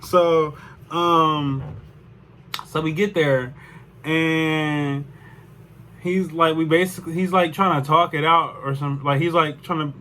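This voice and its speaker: A man's voice: a little high, steady tone, slow, long pauses, pushed and bright, a little hiss or hum. A young man telling a personal story in a casual, rambling way, full of swearing and "like". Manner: rambling, profane, lots of "like". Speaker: vlogger.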